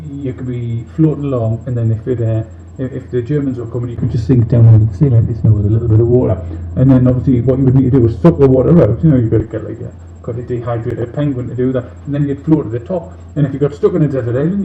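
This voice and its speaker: A man voices a tipsy robot leader, male, in a comedic monologue, rambling earnestly through tangents and plenty of fillers. He speaks at medium pitch with a dark, natural tone. Audio is muffled and roomy, with a faint hiss.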